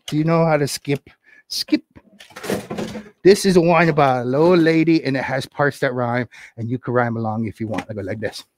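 A man's voice: mid-range voice, normal speed, a little hiss or hum. A man running a livestreamed puppet show, chatty and playful with sing-song asides, telling a nursery rhyme into a camera. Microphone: camera on a desk.

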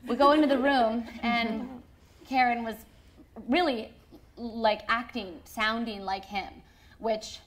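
Thirties woman, bit high voice, chatty storyteller, lots of energy. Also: slow, a little hiss or hum. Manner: lively, acts out quoted voices, laughs often. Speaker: guest sharing a personal story. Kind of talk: animated storytelling.

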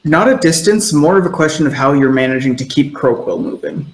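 A man's voice: on the high side, animated, brisk. A man narrating a tabletop role-playing game as game master, in a loose, descriptive storytelling way. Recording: echoey room.

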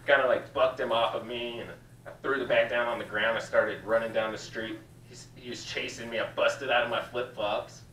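A man's voice: mid-range voice, fairly even intonation, moderate pace, fairly bright tone. A man doing a stand-up set, telling loose, confessional stories full of swearing in a small cafe comedy room. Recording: roomy, distant with faint room noise.

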